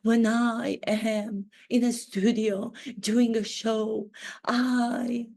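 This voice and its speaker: A woman putting on a vain, self-pitying duchess in a satirical impression, speaking slowly and theatrically. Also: fairly high pitch, flat delivery, a little mellow. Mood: dreamy. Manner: slow, grandiose, theatrical delivery with drawn-out words. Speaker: acting coach.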